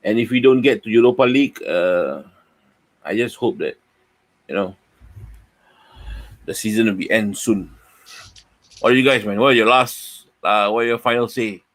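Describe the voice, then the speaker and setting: A man with a Malaysian accent hosting a casual football fan review, chatty and upbeat with many pauses. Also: fairly low pitch, no echo. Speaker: football fan show host.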